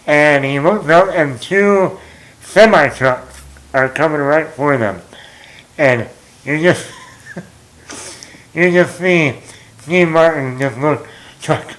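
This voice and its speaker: Slow-talking man recapping a movie. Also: fairly high pitch, a bit bright, rough recording. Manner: rambling, retells scenes with quoted lines and chuckles. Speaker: movie talk show host.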